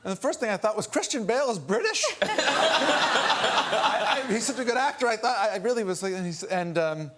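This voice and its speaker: A man's voice: very high voice, expressive, normal speed. A man telling rambling, self-deprecating anecdotes as a guest on a talk show. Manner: wry, self-deprecating storyteller. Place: TV studio with live audience. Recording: loud background noise and audience laughter.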